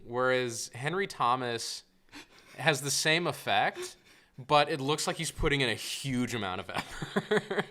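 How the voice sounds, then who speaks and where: A man co-hosting a podcast, chatting casually in a bright, forward voice. He rambles, trails off into fillers and laughs often. His pitch sits in the middle. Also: lively intonation, a little slow, slight background noise. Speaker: podcast co-host. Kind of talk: casual chat.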